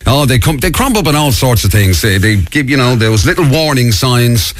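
A man co-hosting a radio show in casual banter, talking in halting restarts. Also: mid-range voice, expressive, no echo. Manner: halting, restarts, joins in impressions. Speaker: radio co-host.

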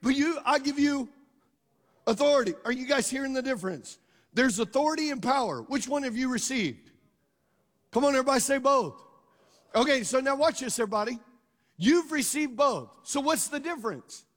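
A man preaching a sermon with an unusually high voice for a man, his words trailing off in a long hall reverb. He mixes scripture with jokes and stories and keeps calling on the congregation to answer back. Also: animated, moderate pace, a bit bright. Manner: call-and-response with the congregation, asking them to answer aloud; conversational, jokes and stories mixed with scripture reading. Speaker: pastor.

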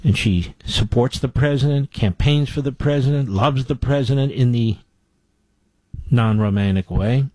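A man's voice: mid-range voice, normal speed, mellow, no room sound. Indignant male political talk host. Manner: indignant, emphatic, repeats phrases for effect. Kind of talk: opinionated monologue.

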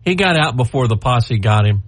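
A man at a mid pitch hosting a casual talk-radio chat. He sounds folksy and prods his co-host with questions and short asides. His voice is close and dry in the studio. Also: expressive, slightly rough, no room sound. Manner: folksy, prodding questions, quick interjections.

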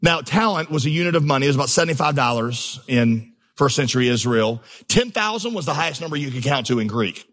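A man's voice: medium pitch, lively intonation, fast talker, hardly any pauses, a bit bright. A man preaching a sermon as pastor, telling stories with humor and building to emphatic, impassioned crescendos. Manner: storytelling, humorous asides.

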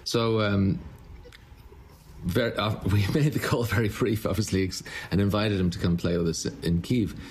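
A man, a musician, telling a story in an interview, halting and repeating words as he goes. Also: fairly low pitch, a little mellow, slightly rough. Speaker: musician guest.

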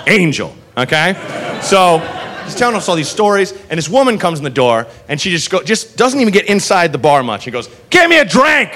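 A man doing stand-up comedy on a club stage, telling a profane story and acting out the characters in quick voices. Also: a little high, sing-song, fairly bright tone, slight background noise. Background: audience laughter.

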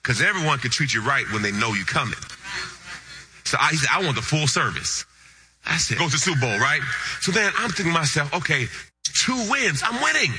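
A man preaching, telling a funny story with animated, lively delivery that jumps between low asides and excited high shouts. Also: fairly quick. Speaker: pastor. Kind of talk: storytelling sermon.

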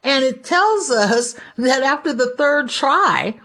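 Woman preacher, high-ish voice, chatty sermon style, acts out quotes. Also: expressive, slow pace, a bit bright. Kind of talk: conversational devotional sermon.

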